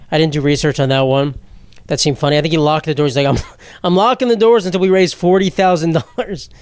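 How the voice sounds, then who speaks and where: A young man hosts a solo comedy podcast, rambling bluntly, poking fun at himself, and often laughing mid-sentence. His voice is fairly high, and the studio-quality recording has no echo.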